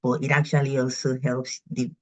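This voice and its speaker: A woman from Nigeria, hosting a workshop in a lively, chatty interview manner and asking her guest questions. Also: very deep voice, moderate pace. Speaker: workshop host. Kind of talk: conversational interview. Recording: slightly dull, muffled audio.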